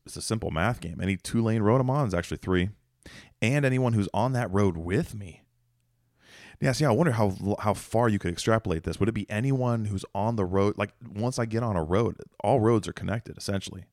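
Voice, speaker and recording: Male podcast host, deep and gravelly, casual meandering self-mocking delivery. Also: a little mellow, dry recording, studio quality. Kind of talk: casual rambling monologue.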